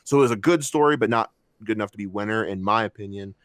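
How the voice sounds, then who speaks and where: A man's voice: lowish voice, fast talker, dry recording. A young man co-hosting a podcast, telling stories animatedly with plenty of swearing. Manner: animated, swearing, emotional storytelling. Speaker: podcast co-host. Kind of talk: casual podcast chat.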